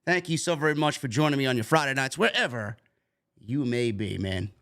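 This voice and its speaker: A man's voice: mid-range voice, lively intonation, fairly quick, fairly bright tone. A man from New York hosting a live post-show stream, griping and swearing his way through a casual rant. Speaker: livestream host.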